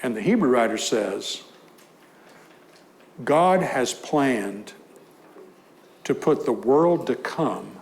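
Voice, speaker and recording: A man's voice: mid-range voice, lively intonation, slow, gravelly, pauses often, darkish tone, low-quality recording. A man preaching a conversational sermon in church, rising to emphatic scripture reading.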